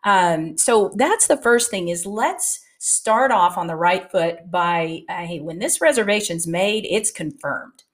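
A woman's voice: fairly low pitch, animated, unhurried, few pauses. Middle-aged lady chatting candidly to dental teams, lots of um and you know, tells stories. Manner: chatty and candid, storytelling with filler words. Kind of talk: casual advice talk to practice teams.

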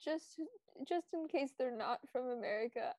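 A young woman with a high voice trading jokes on a casual podcast. She drops deadpan asides and giggles between them. She sounds close to the mic in a dry space. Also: normal speed, no echo. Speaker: podcast co-host. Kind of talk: casual chat.

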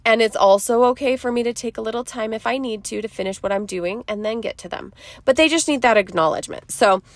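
Podcast host and mother: gentle, encouraging woman giving casual advice, dry close-mic sound. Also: on the high side, fast, no echo. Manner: gentle, reassuring, checks in with "okay?" and "right?". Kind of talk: casual self-help advice monologue.

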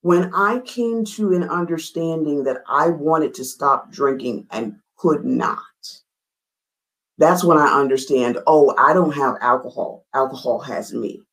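A woman being interviewed tells an honest personal story, earnest and emphatic, speaking a bit slowly; excitement pushes her voice high. The audio is poor.

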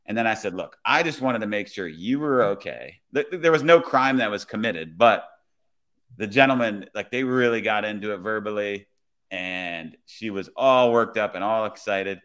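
A man, a police officer, telling a work story in a relaxed, conversational way. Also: lowish voice, moderate pace. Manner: relaxed, conversational, many "I was like" retellings. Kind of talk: casual storytelling.

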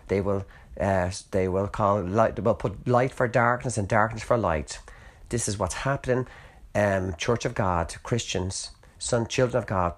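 A man preaching an earnest, emphatic sermon, reading scripture aloud and posing rhetorical questions. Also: fairly low pitch.

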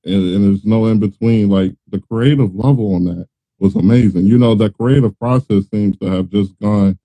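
Male host, low and mellow, dry close sound, easygoing questions. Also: normal speed, no echo, poor audio. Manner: easygoing, complimentary, restarts. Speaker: podcast host. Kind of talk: casual interview.

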